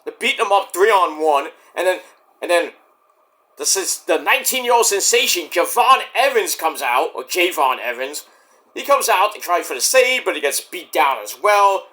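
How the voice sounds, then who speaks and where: A man recaps a wrestling show in a loose, chatty way, swearing freely and slipping into the wrestlers' lines. His voice sits a little high and swings up and down a great deal. The tone is bright and forceful. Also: very animated, normal speed. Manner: profane, chatty, acts out quotes. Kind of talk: casual recap and review.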